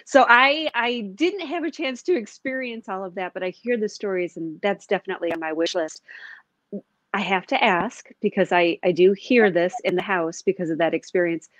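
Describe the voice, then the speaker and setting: A woman's voice: medium pitch, normal speed, no echo. Woman host, mid-range voice, dry close recording; teasing, casual. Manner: playful and teasing. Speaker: podcast host. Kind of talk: casual interview chat. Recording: slightly dull, lo-fi sound.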